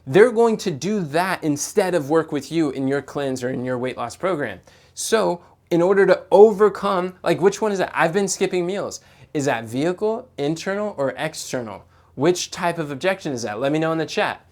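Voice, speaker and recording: A man coaching an audience on sales calls, with a fairly high voice. He speaks in an animated way, restarts his words often, and plays out both sides of a conversation. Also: normal speed. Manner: animated, repeats words when starting sentences, acts out client dialogue. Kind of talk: live-streamed coaching talk.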